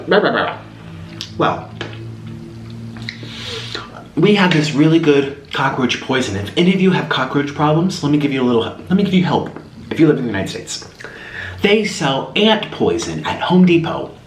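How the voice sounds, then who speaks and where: A man tells a rambling story while eating on camera, his voice swinging high and low as he restarts his sentences. He sounds like he is in a roomy space with a noticeable echo. A faint hiss sits underneath. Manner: animated, rambling, with many restarts. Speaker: mukbang vlogger.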